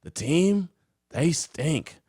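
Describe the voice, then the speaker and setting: A man doing an impression of a gruff older male football team owner, scolding in a slow drawl. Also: on the high side, lively intonation, mellow, dry recording, clean studio sound, voice pushed up, heavily acted.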